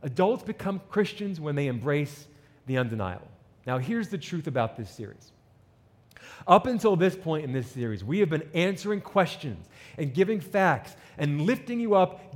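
Animated preacher in a reverberant hall. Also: male voice, sits high, normal speed. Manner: animated preaching, reads scripture and acts out quotes. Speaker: pastor. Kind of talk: sermon.

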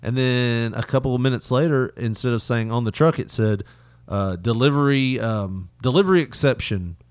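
A man's voice: medium pitch, moderate pace, clear, resonant tone, dry recording. A man co-hosting a casual chat, telling a rambling story with cursing, frequent laughs and voices he mimics. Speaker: podcast co-host.

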